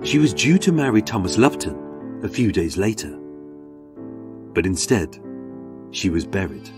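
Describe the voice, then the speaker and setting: A man's voice: on the low side, sing-song, unhurried, over music. A man, a podcast host, narrating a true-crime story in a solemn, dramatic scripted style.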